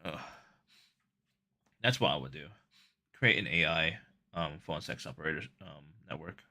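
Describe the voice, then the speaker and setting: A man's voice: extremely low pitch, lively intonation, moderate pace, pushed and bright. A man livestreaming, chatting casually with his viewers, rambling and self-conscious with many restarts. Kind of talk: casual live stream chat.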